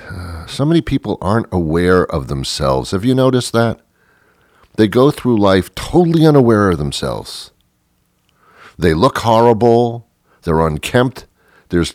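A radio host with a lowish, darkish male voice delivers a rambling, sarcastic, exasperated comic monologue into a close studio mic. There's no echo on the recording.

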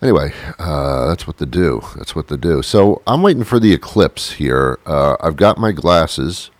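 Deep-voiced man rambling deadpan jokes. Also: normal speed, no echo. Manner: deadpan, rambling, mock-confused asides. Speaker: comedian. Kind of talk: rambling comic monologue. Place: sitting on a porch outdoors.

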